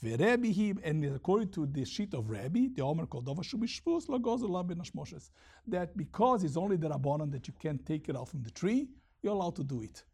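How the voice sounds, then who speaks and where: A man leads a Talmud lesson, reading Aramaic lines and then unpacking them in English. His voice sits a little high and has a husky edge. He talks with an animated swing, climbing and dropping in pitch as he makes his points. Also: brisk. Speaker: Talmud teacher.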